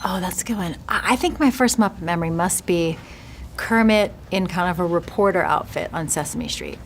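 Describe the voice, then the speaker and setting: A woman's voice: fairly low pitch, a little fast, a little hiss or hum. A woman giving a casual press junket interview about her film, chatty, laughing often and restarting her sentences.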